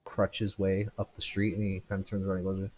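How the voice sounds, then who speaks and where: A man's voice: low voice, monotone, brisk, darkish tone, a little hiss or hum, rough recording. A man narrating a tabletop game as game master, hesitant and full of fillers.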